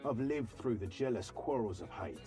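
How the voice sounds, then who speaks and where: A man's voice: mid-range voice, expressive, moderate pace, music in the background, lightly acted. A man voicing a stern, broad, protective doorman who is a living door in a video game, speaking formally. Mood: solemn.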